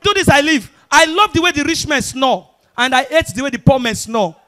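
High, bright-voiced Nigerian Pidgin comedian. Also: male voice, fairly quick. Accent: Nigerian Pidgin English. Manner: animated, acts out characters with shouts. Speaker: stand-up comedian. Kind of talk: stand-up comedy routine.

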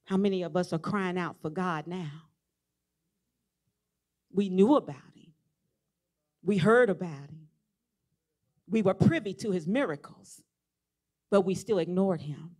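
A middle-aged woman preacher with a high voice delivers a sermon. She retells a scripture story in a low, measured way, then builds to loud, repeated rhetorical questions aimed at the congregation. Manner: builds from quiet storytelling to shouted appeals.

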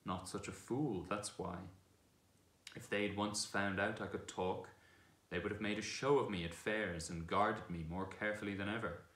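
A proud, brisk talking war horse, a stallion with a scornful, commanding manner, as a man reads him aloud from a storybook. The voice is very deep and low. It rings in an echoey room. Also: steady tone, a bit bright, lightly acted. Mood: rueful. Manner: brisk, commanding, contemptuous at times.

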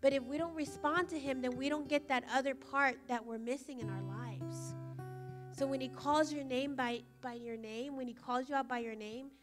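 Chatty woman sharing a sermon story, kinda high pitched, soft guitar in the background. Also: moderate pace. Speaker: church leader. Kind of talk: casual sermon. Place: church service.

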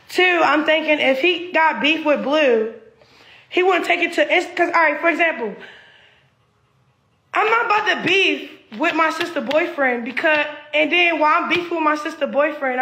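A woman's voice: sits high, a bit bright, roomy sound, a little hiss or hum, low-quality recording. A young woman in a rambling, agitated and profane livestream rant, recorded on a phone.

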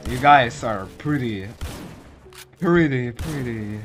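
A man giving excitable, swear-filled commentary over his own gameplay, calling everyone "bro". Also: medium pitch, slow pace, background noise. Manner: excitable, swears often, constantly says "bro". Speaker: gaming video creator.

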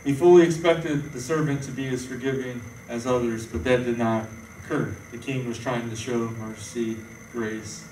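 A man's voice: medium pitch, darkish tone, slight background noise. A man preaching an informal sermon, rambling and conversational with many fillers and restarts. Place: church hall. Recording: echoey room, voice from far off.

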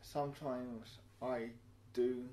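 A man vlogging to camera, his speech slurred, slow and halting with restarts. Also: mid-range voice, flat delivery, background noise. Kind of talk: casual talking to camera.

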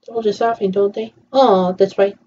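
A woman's voice: medium pitch, steady tone, moderate pace, warm tone, highs cut off, slight background noise. A woman casually commenting while she watches a film, often murmuring agreement between her remarks. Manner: chatty, with frequent murmured agreements. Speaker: viewer reacting to a film.

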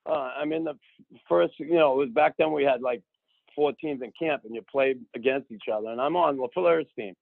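A gravelly-voiced man tells a story in a casual, animated way, voicing the people in it and tagging lines with "right?". His voice sits at an ordinary pitch for a man. The sound is narrow and phone-like, with no room echo. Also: brisk. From Boston. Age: 60s. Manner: animated, acts out quoted people, keeps adding "right?". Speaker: podcast guest.

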